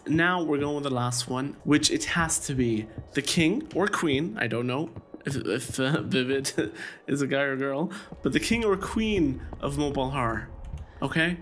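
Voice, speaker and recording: A man giving casual, excitable commentary while playing a video game, chatting to viewers and squealing when surprised. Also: medium pitch, slight background noise. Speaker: gaming YouTuber.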